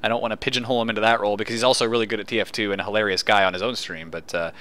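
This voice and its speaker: A man with a bright, forward voice co-hosts a casual podcast. He is chatty and wanders into asides before moving things along. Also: fairly low pitch, fairly even intonation, rapid-fire, smooth. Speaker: podcast co-host.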